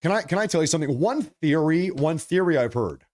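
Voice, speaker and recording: A man runs a political livestream in a casual, chatty way, his voice sitting a little high for a man. He gets animated, doubles back on his phrases, and a slight cough comes through now and then. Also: brisk. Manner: animated, repeats phrases, apologetic asides. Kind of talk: casual livestream commentary reading viewer chats.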